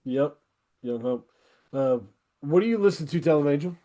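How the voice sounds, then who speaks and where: Middle-aged man, podcast host, higher voice, eager casual chatter. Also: lively intonation, moderate pace, warm tone. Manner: enthusiastic, rambling recommendations. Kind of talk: casual interview chat.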